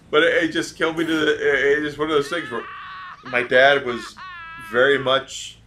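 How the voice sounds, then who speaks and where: Bright-voiced rambling man streamer. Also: on the high side, big pitch swings, measured pace, long pauses, slight background noise. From Georgia, US. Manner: rambling, goes off on tangents. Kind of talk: casual storytelling while gaming.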